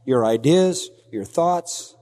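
A man's voice: a little high, expressive, takes it slowly, mellow. Emphatic man preaching in a reverberant hall. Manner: emphatic, acts out quoted lines in a raised voice. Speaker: pastor. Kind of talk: expository sermon.

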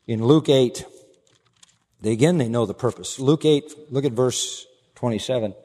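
A male pastor delivering an expository sermon with emphatic, driving conviction, dropping low for asides and rising for key points. His mid-pitched voice carries a long reverb from a large church hall. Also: normal speed, mellow. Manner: emphatic, swinging from low asides to raised declarations.

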